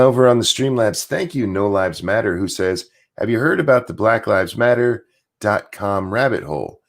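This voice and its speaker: Hoarse, lively-pitched man ranting. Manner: blunt, rambling, reads out viewer messages. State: strained, hoarse voice. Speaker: streamer and show host. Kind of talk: casual political rant on a live stream. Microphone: desk mic.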